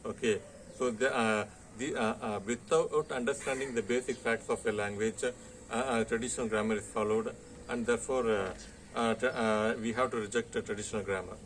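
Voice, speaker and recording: A male college lecturer with an Indian English accent talks his students through a lesson. His delivery is halting, padded with constant "uh" fillers and checks of "okay". His voice sits at an ordinary middle pitch, with a faint hiss behind it. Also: steady tone. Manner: hesitant, heavy "uh" fillers and frequent "okay". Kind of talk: classroom lecture.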